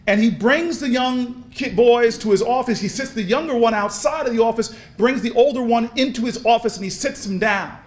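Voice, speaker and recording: A man giving an impassioned, preacher-style speech at a convention, telling stories with repeated words and building to shouts. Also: very high voice, fairly quick, few pauses. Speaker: speaker at a convention. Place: large convention hall.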